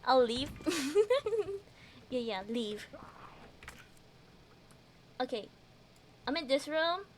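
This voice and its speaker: A woman's voice: sits high, sing-song, drawn-out words, slight background noise. A woman streaming a game, giggling often and chatting with her viewers as she plays. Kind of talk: casual gameplay commentary.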